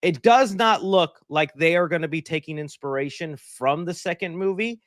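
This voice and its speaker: A man hosting a livestream, talking in a rambling, joking, animated way at his desk mic. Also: a little high, moderate pace, no echo, clean studio sound. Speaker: livestream host. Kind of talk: casual livestream chat.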